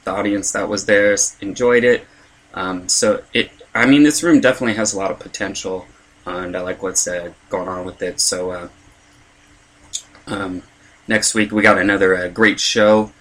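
Bright-voiced young man rambling casually. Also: on the low side. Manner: rambling, many fillers, self-deprecating. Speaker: stand-up comedian and podcast host. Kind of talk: casual podcast monologue.

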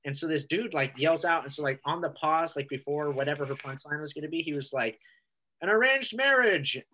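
A man's voice: a little high, level tone, fast talker, a bit bright, slight background noise, rough recording. A male stand-up comedian telling stories in a loose casual chat, swearing often and filling gaps with "like". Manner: loose, swearing storytelling with many fillers.

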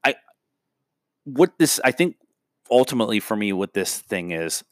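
A man with a fairly low voice, chatting casually as a podcast co-host. He rambles and fills gaps with "uh" and "um". The sound is dry and close, with no room echo. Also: big pitch swings, normal speed. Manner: rambling, full of filler sounds and restarts. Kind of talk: casual chat.

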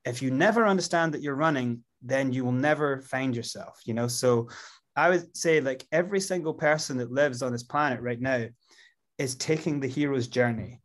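A man's voice: medium pitch, normal speed. A man as an interview guest, reflecting and explaining at length. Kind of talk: casual interview chat.

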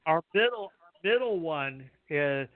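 A man hosting a wrestling podcast, chatting casually in a halting, rambling way with many fillers. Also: fairly high pitch, animated, a crowd in the background. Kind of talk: casual chat. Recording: dry tinny phone-like sound.

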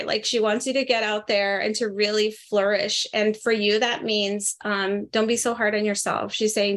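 A woman working as a medium who gives a spirit reading to a participant during a live group session, talking in a chatty, animated way and often laughing. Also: medium pitch, normal speed, hardly any pauses. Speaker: medium, interview guest.

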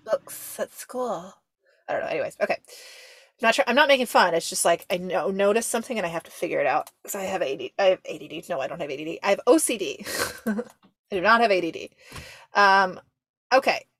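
A young woman in easy, rambling conversation, peppering her talk with "like" and quick asides. Her voice sits at a middling pitch, recorded close and dry with no room sound. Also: expressive, a bit bright, husky, no room sound. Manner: chatty, lots of "like", quick asides and laughs. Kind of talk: casual chat.

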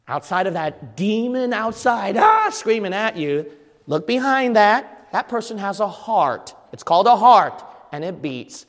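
A man preaching a sermon in an emphatic, repetitive way, with sudden loud outbursts. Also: high voice, animated, unhurried, hardly any pauses. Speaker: pastor. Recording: long hall reverb.

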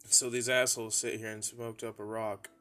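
A man's voice: lowish voice, flat delivery, moderate pace, pushed and bright. A young man telling rambling, profane stories in a casual monologue, laughing and mimicking his friends. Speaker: podcast host telling stories. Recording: faint music bed behind.

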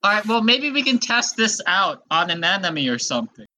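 A woman's voice: medium pitch, very animated, fairly quick, pushed and bright, slight background noise. A woman co-hosting a comedy podcast, steering the improvised role-play in a bossy, joking way. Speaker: podcast co-host.

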